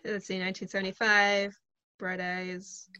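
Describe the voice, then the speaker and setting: A woman's voice: medium pitch, flat delivery, normal speed, bright, forceful tone, smooth, dry recording. A woman in her twenties co-hosting a podcast in casual chat, upbeat and enthusiastic, recorded at home. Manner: upbeat, enthusiastic, laughs often. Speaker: podcast co-host.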